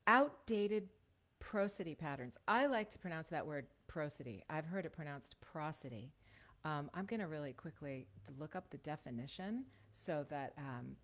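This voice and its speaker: A middle-aged woman, a voiceover coach, talking to a live class in a chatty, rambling way and often checking in with "right?", on a shotgun studio microphone at a home computer setup. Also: deep voice. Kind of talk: casual livestream teaching chat.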